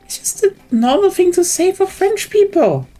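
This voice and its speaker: A woman's voice: extremely high pitch, very animated, normal speed, warm tone, soft background music. A playful, teasing woman co-player. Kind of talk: casual gaming chat.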